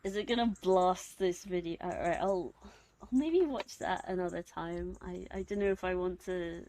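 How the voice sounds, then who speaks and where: A woman with a posh British accent and a husky, deepish voice, chatting casually on a late-night stream in a rambling, giggly, self-mocking way. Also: moderate pace, mellow, slight background noise. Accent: posh British English. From Britain. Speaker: live streamer.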